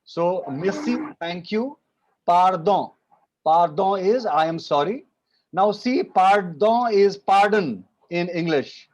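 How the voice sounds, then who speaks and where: A man with an Indian accent teaching French in an online class, repeating each phrase slowly and mixing English with Hindi. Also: high voice, animated, a little mellow. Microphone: video call. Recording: muffled video call audio.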